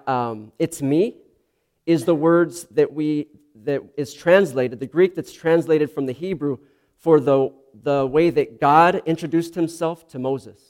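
A man's voice: fairly high pitch, a little mellow, smooth. A man preaching a sermon, earnest and explanatory, often restarting his sentences. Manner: slow, earnest, with frequent restarts and ums.

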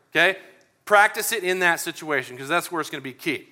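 A middle-aged male pastor preaching with an animated, conversational delivery. His voice sits a little high and rings bright and forceful. He slips into acted-out prayers and exchanges as he talks. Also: brisk. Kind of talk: sermon.

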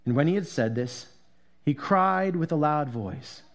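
A male pastor with a high voice preaches a sermon. He talks like a conversation, then grows loud and emphatic, then drops to a hushed hush over the scripture reading. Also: animated, measured pace.

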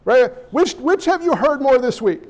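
A male pastor with a strikingly high voice delivers an animated sermon. He peppers the congregation with rhetorical questions and drops in the odd joking aside along the way. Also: normal speed.

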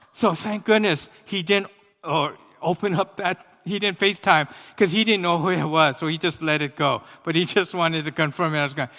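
A man preaching a sermon, telling a personal story with big swings between loud outbursts and quiet asides. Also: sits high, normal speed, long reverb tail.

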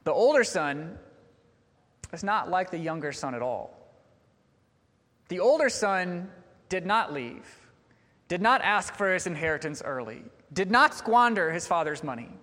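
A man with a high voice delivers a sermon in an earnest, questioning manner. His words echo with a long reverb through a church sanctuary. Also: expressive, a little slow, long pauses, sharp tone. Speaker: preacher.

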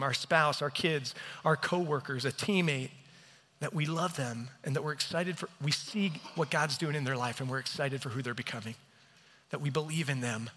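A man's voice: fairly high pitch, fairly bright tone. A man preaching a sermon as pastor, telling stories on himself in an earnest, self-deprecating way. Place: church hall. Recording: reverberant church hall.

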